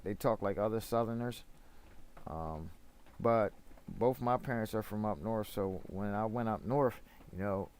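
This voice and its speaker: Low-voiced rambling male game streamer. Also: darkish tone. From Florida. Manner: rambling, chatty, many fillers. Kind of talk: casual gameplay commentary.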